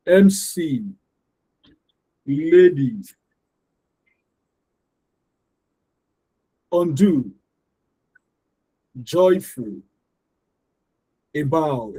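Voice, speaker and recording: A man teaching an English lesson on syllables and stress, explaining patiently and repeating example words slowly. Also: medium pitch, warm tone, rough recording. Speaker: English tutor.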